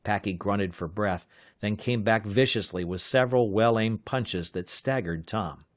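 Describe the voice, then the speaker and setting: A man narrating an adventure audiobook in a measured, steady reading. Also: fairly low pitch, dry recording, studio quality. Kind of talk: scripted narration.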